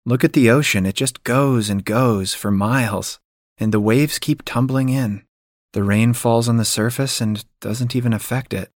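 A man voicing a young woman who is dreamy, playful and thoughtful, speaking gently with teasing turns in an audiobook reading. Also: mid-range voice, moderate pace, dry recording, clean studio sound, lightly acted. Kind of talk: audiobook dialogue.

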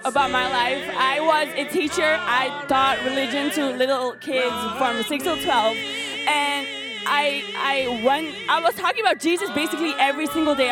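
A woman giving an earnest, emotional testimony to a crowd, talking fast. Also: high voice. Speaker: person sharing a testimony. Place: on a stage before a crowd. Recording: music and a crowd behind her. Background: music and crowd.

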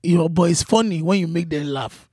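A man's voice: on the high side, darkish tone, no room sound, clean studio sound, lightly acted. A man putting on a preachy Yoruba-accented man who drags out "eh" and lectures on working hard. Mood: lecturing. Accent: Yoruba-accented English. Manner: drawn-out "eh" fillers, mixes in Yoruba phrases, lecturing. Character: exaggerated Yoruba man giving advice, preachy, drawling.

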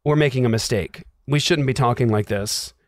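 A man's voice: mid-range voice, moderate pace, a little mellow, no room sound. A man, a guest, telling a personal story in an earnest, emotional way with lots of "like"s. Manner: earnest, emotional, filler-heavy with many "like"s. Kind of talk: casual storytelling.

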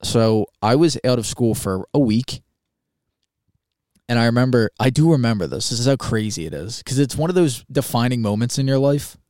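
A young man co-hosting a podcast, telling a story in a casual, animated, swearing way and acting out quoted voices. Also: mid-range voice, normal speed, no room sound, studio quality. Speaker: podcast co-host.

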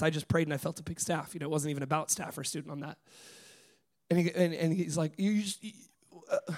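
A man preaching a sermon, telling stories with lively acted-out dialogue, dropping to hushed lines and rising to loud bursts. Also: high voice, fast talker. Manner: animated storytelling, acts out dialogue, swings from hushed to loud.

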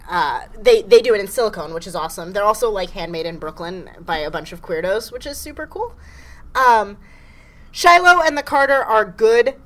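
A young woman co-hosting a podcast recorded live, talking frankly and chattily and laughing easily. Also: mid-range voice. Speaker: podcast co-host. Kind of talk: casual live podcast chat. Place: live event room.

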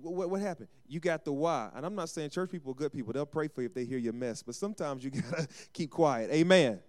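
A man's voice: fairly high pitch, lively intonation, quick pace, a little mellow. A man preaching a sermon as pastor, calling for amens and acting out short everyday exchanges. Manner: call-and-response preaching with acted asides.

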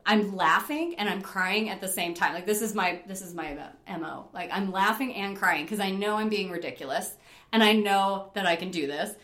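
A middle-aged woman from New York telling animated, laughing stories about climbing, acting out her own past panic. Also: on the low side. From Rochester, New York. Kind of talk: casual storytelling. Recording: roomy echo.

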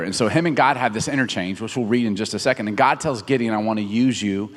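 A man's voice: fairly low pitch, fast talker. A man in his thirties preaching a casual, joking sermon, retelling a story in everyday words. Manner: conversational and animated, jokes with the audience. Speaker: pastor. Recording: reverberant hall from a distance.

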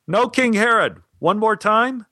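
A man doing a frantic shouting stage director. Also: high-pitched, lively intonation, measured pace, no room sound, clean studio sound, pitched above the performer's own voice, full character voice. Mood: calling out. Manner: shouting, urgent, bossy. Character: frantic excitable male theater director.

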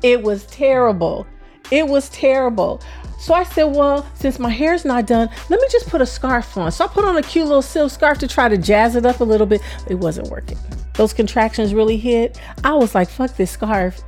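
A woman recounting a personal story, acting out her own past words in lively quoted asides and swearing freely. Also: a little high. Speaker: interviewee recounting her childbirth.

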